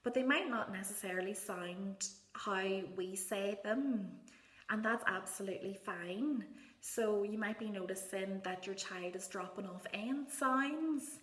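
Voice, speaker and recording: A woman speech therapist gives parents gentle, encouraging advice and models words in a soft sing-song voice. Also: medium pitch, unhurried. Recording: echoey room.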